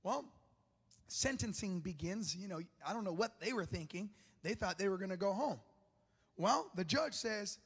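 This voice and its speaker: A male pastor preaches in a long-ringing church hall, trading jokes with his congregation as he tells a story. His voice sits high with a husky, gravelly texture. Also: normal speed. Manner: lively, humorous storyteller who jokes with the congregation. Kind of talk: sermon with personal storytelling. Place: large church auditorium.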